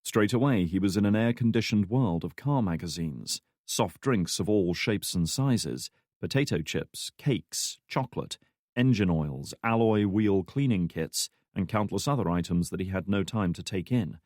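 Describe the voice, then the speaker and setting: A man narrating a thriller audiobook in a measured, steady storytelling manner. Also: deep voice, no room sound. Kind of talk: scripted narration. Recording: dry studio audiobook recording.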